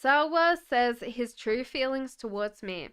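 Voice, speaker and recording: A woman doing live-stream tarot readings, talking to chat viewers in a relaxed, chatty and reassuring way. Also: a little high, measured pace, clean tone. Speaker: tarot reader.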